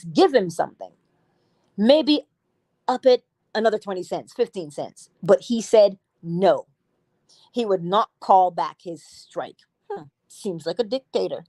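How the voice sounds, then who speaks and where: A woman reading a spiritual lecture aloud as a bedtime narration, expressive, with shifting pace and emphasis. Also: medium pitch, dry recording.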